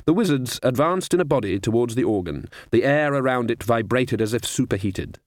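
A man's voice: medium pitch, animated, brisk, dry recording. Man narrating an audiobook in a dry recording. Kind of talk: scripted narration.

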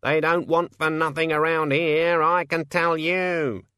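A man's voice: on the high side, flat delivery, unhurried, sharp tone, smooth, no room sound, clean studio sound, voice pushed up. A man voicing a cheeky, defiant male raven who argues and boasts. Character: cocky, argumentative male talking raven.

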